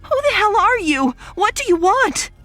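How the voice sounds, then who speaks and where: A woman voicing a terrified young heroine, shouting hysterically. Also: very high-pitched, sing-song, moderate pace, soft background music, voice pushed up, heavily acted. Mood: panicked.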